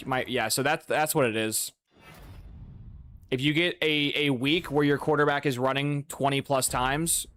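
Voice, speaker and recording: Excitable young man commentating a game. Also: mid-range voice. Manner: excitable, swears, loud outbursts. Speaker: gaming YouTuber. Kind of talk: casual gameplay commentary.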